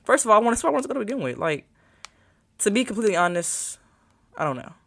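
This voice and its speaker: A young woman talks straight to her viewers in a loose, casual vlog. She rambles and thinks out loud, with lots of filler while she hunts for something on her phone. Her voice sits at a middling pitch. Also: sing-song, racing, gravelly. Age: young adult. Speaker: college student vlogger.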